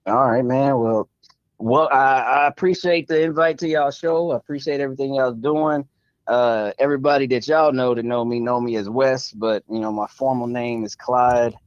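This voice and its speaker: A man joining a casual podcast as a guest, speaking in a relaxed, polite way. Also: medium pitch, normal speed, dry recording, muffled recording. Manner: relaxed, polite, a bit unsure at first. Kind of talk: casual conversation.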